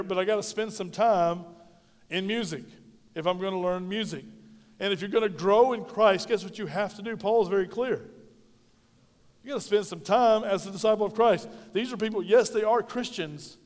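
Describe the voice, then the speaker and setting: Pastor preaching in a hall. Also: male voice, high-pitched. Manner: folksy, direct, addresses congregation as y'all. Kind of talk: sermon. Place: church sanctuary. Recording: reverberant church hall.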